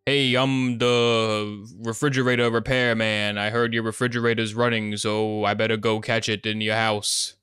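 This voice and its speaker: A man's voice: lowish voice, monotone, rapid-fire, hardly any pauses, fairly bright tone, clean tone, dry recording, clean studio sound, natural voice. A man putting on a silly voice to play a bumbling fake repairman talking his way toward the door. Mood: cheesy. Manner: silly, put-on accent.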